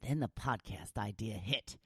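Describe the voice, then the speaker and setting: A woman's voice: extremely low pitch, a little slow, husky, dry recording, clean studio sound. A woman hosting her own podcast, chatting casually and teasing herself, then turning encouraging and motivational. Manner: chatty and self-teasing, jokes and laughs at herself. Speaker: podcast host. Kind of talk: casual solo podcast monologue.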